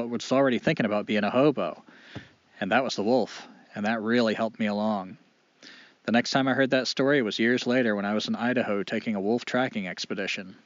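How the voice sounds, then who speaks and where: A man telling a fable aloud, animated and expressive with dramatic pauses. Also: lowish voice, no echo. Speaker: storyteller. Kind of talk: oral storytelling. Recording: dull lo-fi dry recording.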